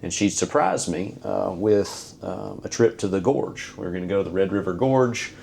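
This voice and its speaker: A man, a podcast guest telling a personal story in an earnest, halting way with many fillers and restarts. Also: low-pitched, gravelly, darkish tone, slight background noise.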